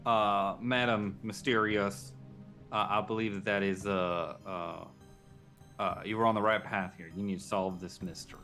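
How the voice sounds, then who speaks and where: A man at a tabletop game stammers and restarts his sentences. His voice sits low yet sounds bright, with faint music behind. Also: fairly even intonation. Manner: stammering, halting. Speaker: player.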